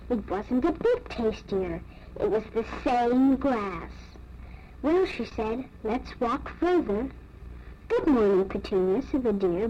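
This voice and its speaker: Woman reading a children's storybook. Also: fairly high pitch. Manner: gentle storybook reading, giving the animals voices. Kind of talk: reading a children's picture book aloud. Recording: dull lo-fi recording with faint noise.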